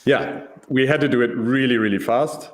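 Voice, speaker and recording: A man's voice: mid-range voice, normal speed. A man giving a casual, enthusiastic conference presentation, laid-back and full of ums.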